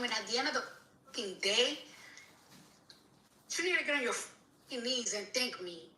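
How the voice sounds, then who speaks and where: A woman's voice: high-pitched, sharp tone, echoey room, far from the mic, poor audio. A woman rapper in an angry, profane rant on social media, repeating herself as she scolds someone.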